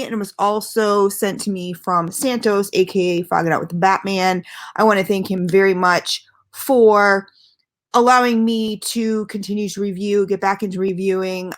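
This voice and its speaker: A middle-aged woman, casually chatting through a vape review in a rambling, enthusiastic way. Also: medium pitch. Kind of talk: casual chat.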